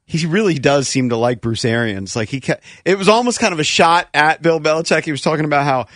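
A man co-hosts a sports chat, his voice sitting a little high. He lays out his points steadily. The sound is close and dry. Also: animated, fast, a bit bright, dry recording.

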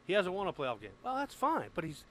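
Lively sports radio host. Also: male voice, high-pitched, brisk, slight background noise. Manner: lively, joking, leads the talk.

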